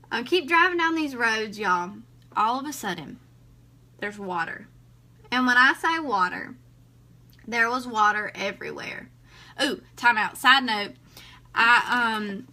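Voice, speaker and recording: Bright, chatty Southern woman vlogger. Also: a little high. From South Carolina. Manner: chatty, animated, dramatic retelling. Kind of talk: casual storytelling vlog.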